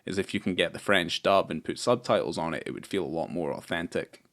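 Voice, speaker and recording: A man's voice: low voice, brisk, fairly bright tone. A man co-hosting a film podcast in casual chat, rambling with lots of fillers and swearing. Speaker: podcast co-host.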